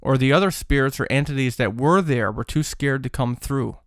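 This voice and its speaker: A man's voice: mid-range voice, moderate pace, no echo, clean studio sound. A man telling a paranormal story in a casual, rambling way, full of fillers and restarts.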